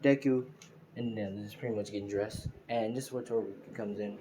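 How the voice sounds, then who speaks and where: A man's voice: on the low side, fairly even intonation, a little fast, noisy background. A man casually retelling a fan-made story, rambling with lots of fillers and laughing at his own slips. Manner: rambling, full of fillers like "you know" and "pretty much".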